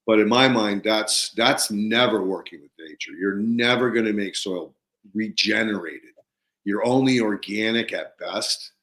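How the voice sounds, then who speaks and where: A man's voice: lowish voice, measured pace, a bit bright, reverberant. A man hosting a podcast, telling a farming story with energy and acting out both sides of the conversation. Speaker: podcast host.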